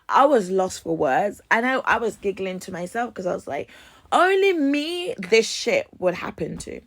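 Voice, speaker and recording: A woman vlogger telling stories in a casual, dramatic way, acting out her own reactions and swearing freely. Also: lowish voice. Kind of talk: casual storytelling.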